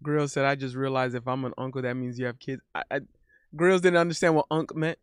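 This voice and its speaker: Laid-back joking male streamer, crisp voice. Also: medium pitch, steady tone, brisk, dry recording, clean studio sound. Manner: loose and joking, laughs often, repeats himself. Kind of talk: casual live-stream chat reading messages.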